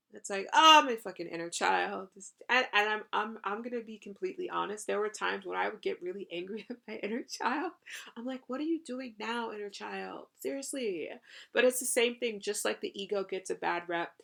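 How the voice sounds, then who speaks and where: A woman's voice: medium pitch, normal speed, vocal fry, a bit bright. A woman hosting a channeled spiritual podcast, talking effusively with casual swearing and lots of "you know" and "right?". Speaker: podcast host and spiritual coach.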